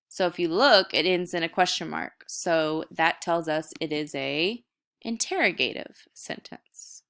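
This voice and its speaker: Young woman teacher doing a video lesson, bright crisp voice, casual step by step explaining. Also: lowish voice.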